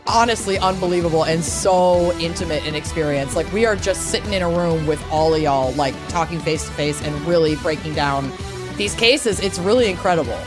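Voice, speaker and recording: A woman's voice: fairly low pitch, brisk, music in the background. A woman co-hosting a podcast in casual chat. She is chatty, laughs often and trails off mid-sentence. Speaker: podcast co-host.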